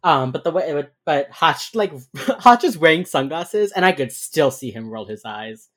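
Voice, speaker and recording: A man's voice: fairly high pitch, expressive, normal speed, a bit bright. A man co-hosting a podcast, rambling through a casual recap of a TV episode with many fillers. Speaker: podcast co-host.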